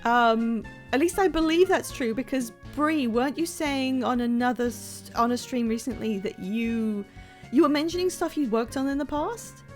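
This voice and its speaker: A woman chatting casually on a live stream while playing a game, excitable and self-deprecating, rambling from one thought to the next. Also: on the high side, moderate pace, faint music behind. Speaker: livestreamer playing a video game.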